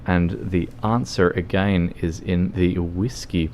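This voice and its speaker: A man's voice: low-pitched, steady tone, takes it slowly, darkish tone, slight background noise. Giggly tipsy Australian man streaming. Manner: giggly, rambling, chatty with viewers. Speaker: livestreamer. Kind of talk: casual gaming livestream chat.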